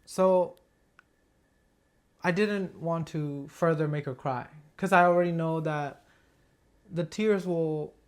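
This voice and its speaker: Man, acting student, personal sharing, hesitant, unhurried delivery, slightly raised pitch. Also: steady tone. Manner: halting, hesitant, many restarts.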